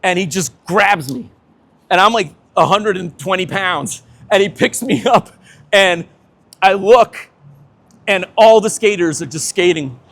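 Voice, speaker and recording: A man in his fifties, a veteran skateboarder telling an animated story, laughing often and swearing casually. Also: high voice, unhurried.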